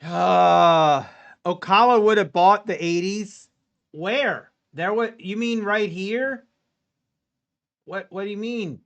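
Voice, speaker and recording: A man with a high voice streams his live trades and talks in a slow, drawn-out way. He frets to his chat, begs the market under his breath and then bursts into loud yells. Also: creaky, lo-fi sound. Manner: anxious, pleading with the market, swings from muttering to yelling. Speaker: livestreaming futures trader. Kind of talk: live trading stream commentary.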